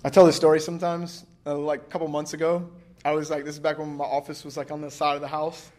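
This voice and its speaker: Laid-back pastor telling a story. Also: male voice, a little high, little pitch movement, fast talker, darkish tone. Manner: conversational, laughing often, lots of filler "like". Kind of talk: casual sermon with storytelling.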